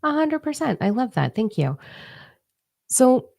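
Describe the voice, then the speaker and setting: A woman's voice: high-pitched, very animated, a little slow, gravelly, warm tone. A woman hosting a casual spiritual live chat, candid and swearing freely as she acts out her own reactions, speaking into a microphone. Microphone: microphone in front of her face.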